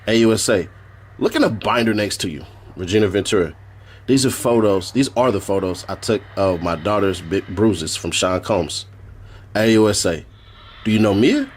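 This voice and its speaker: A man's voice: low-pitched, slight background noise. A man streaming, reading a court transcript aloud in a casual way and breaking off for joking asides. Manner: reads flatly, then breaks off for joking asides and laughs.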